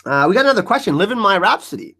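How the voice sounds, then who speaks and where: A man hosting a live stream in a loose, joking way, answering his chat as he goes. His voice sits a little high for a man and swings up and down a lot, so he sounds animated. He talks casually and often trips over his words while reacting to comments. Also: racing.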